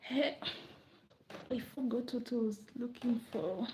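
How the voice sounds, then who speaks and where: A young Kenyan woman with a Kenyan accent chatting casually late at night, rambling and laughing, often dropping to a soft murmur. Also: fairly high pitch, slow, slight background noise, low-quality recording. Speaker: vlogger.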